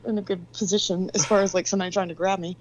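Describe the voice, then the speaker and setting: A woman's voice: lowish voice, fairly even intonation, rapid-fire, a little hiss or hum, low-quality recording. Blunt, foul-mouthed woman on a call. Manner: blunt, profane storytelling. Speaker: caller. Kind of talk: casual call-in chat. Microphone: phone call.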